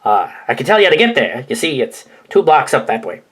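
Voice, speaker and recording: A man's voice: mid-range voice, sing-song, a little fast, slightly rough. Guy putting on a chicago accent, easygoing helpful young dude. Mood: friendly. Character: friendly young man from Chicago.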